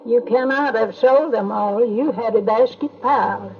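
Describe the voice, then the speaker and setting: An older woman voicing a gentle poor mother questioning her little daughter, in a husky voice. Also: on the high side, measured pace, slight background noise. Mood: surprised. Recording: tinny lo-fi home tape.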